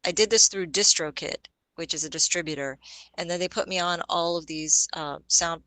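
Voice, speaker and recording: A chatty woman with a low-pitched but bright, forceful voice, talking casually as a podcast guest. She rambles, laughs easily and spells words letter by letter. The sound is dry and close. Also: steady tone, normal speed, no echo, rough recording. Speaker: guest musician.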